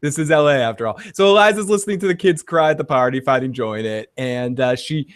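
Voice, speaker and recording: A man's voice: medium pitch, fast talker, clear, resonant tone, no room sound, clean studio sound. A man hosting a casual recap chat, retelling scenes and acting out the characters' lines. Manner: animated retelling, acts out quotes. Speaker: podcast host.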